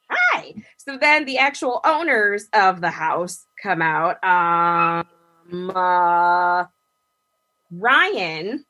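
A woman telling a dream story in a casual chat, acting out what people said with big jumps in her voice and laughing often. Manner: animated, acts out quotes with big pitch jumps, laughs often.

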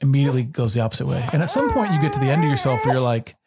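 A man co-hosting a faith podcast, talking through a question about parenting in an earnest, measured way, thinking aloud with restarts. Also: medium pitch, animated, background noise. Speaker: podcast co-host. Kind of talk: conversational discussion.

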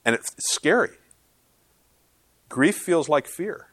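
A man preaching a sermon as pastor, earnest and swinging from loud to hushed. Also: a little high, expressive, slow pace, no echo.

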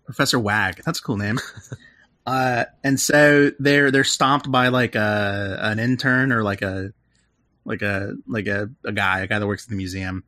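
A man's voice: lowish voice, steady tone, measured pace, sharp tone, no echo. A man co-hosting a casual podcast, retelling movie scenes in a rambling way and acting out the characters' lines as he goes. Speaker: podcast co-host. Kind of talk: casual chat recapping a film.

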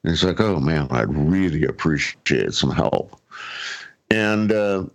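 A man's voice: very deep voice, animated, slow pace. A middle-aged man casually telling a personal story, rambling with fillers and restarts and chuckling often. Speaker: guest telling his story.

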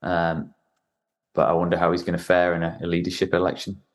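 This man has a very low, deep voice and hosts a chatty podcast from a simple mic. He grew up in Newcastle, England, and rambles through his stories with plenty of ums and false starts, circling back to pick up his point. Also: completely flat delivery, a little fast. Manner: rambling, with many restarts and fillers. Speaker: podcast host. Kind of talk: casual conversation.

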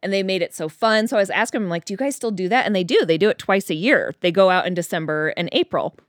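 Animated woman telling a story. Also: quick pace, no echo, studio quality. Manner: animated, acts out quoted dialogue in a higher voice. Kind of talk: casual chat, storytelling.

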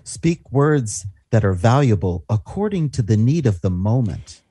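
A man co-hosting a Christian teaching show, reading scripture in a calm, measured way. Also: mid-range voice, breathy edge, dry recording. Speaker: Christian radio co-host.

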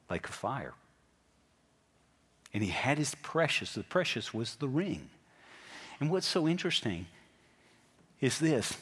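A pastor preaching a sermon in a church, talking in an animated way and putting direct questions to his congregation. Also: mid-range voice, breathy edge. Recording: long hall reverb.

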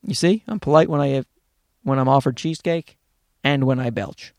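A man's voice: medium pitch, moderate pace, no echo, clean studio sound. A man, hosting a casual solo podcast and telling rambling, profane, self-mocking stories with lots of restarts. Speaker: podcast host.

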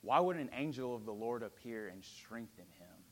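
A man preaching a sermon dramatically, swinging from ringing emphasis to a hushed near-whisper. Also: mid-range voice, lively intonation, moderate pace, slight background noise.

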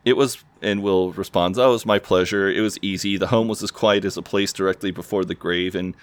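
A man's voice: low-pitched, fairly even intonation, fairly quick. A man co-hosting a casual podcast, recapping a TV episode and briefly acting out the characters' lines. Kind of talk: casual chat.

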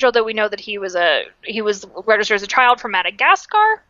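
Here a podcast co-host, a young adult woman with a fairly high voice, talks through history casually and energetically, often correcting herself, restarting and using fillers. There's no echo, though the sound is dull.

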